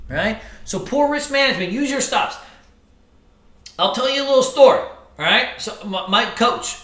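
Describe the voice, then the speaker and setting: An animated man running a live trading seminar, joking and swearing as he tells stories. His voice sits high and swoops widely. It rings bright around a roomy hall. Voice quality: animated, profane, joking storyteller. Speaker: trading instructor. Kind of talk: live seminar talk to an audience.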